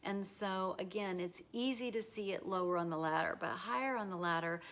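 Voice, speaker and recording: A woman giving a casual talk, acting out short dialogues in lively voices and often repeating herself. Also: medium pitch, fairly quick. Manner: acts out little dialogues in bright voices; repeats words, restarts, fillers. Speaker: teacher.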